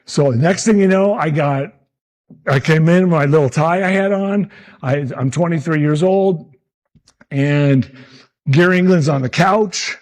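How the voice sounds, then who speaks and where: A man in his sixties, a meteorologist telling animated stories about his early career and acting out the people he quotes. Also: on the high side, a little slow. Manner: animated anecdotes, acts out quotes. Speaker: meteorologist speaker at a summit. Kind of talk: storytelling talk.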